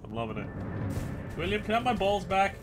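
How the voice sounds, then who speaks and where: A man's voice: high voice, very animated, a little fast. A man giving casual, teasing gameplay commentary while joking with his family. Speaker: gaming video creator. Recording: game music behind the voice.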